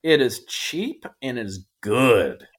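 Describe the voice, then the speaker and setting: A man talking as a podcast guest in a casual, jokey, animated way. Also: medium pitch, takes it slowly, breathy edge. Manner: animated, jokey, drops into silly voices. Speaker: guest actor.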